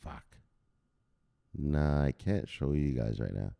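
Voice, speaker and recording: A man hosting a crypto news show as a casual livestream, hyped and profane, shouting out viewers. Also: a bass voice, takes it slowly, creaky. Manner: talks straight to viewers, gives shout-outs. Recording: echoey room with long reverb.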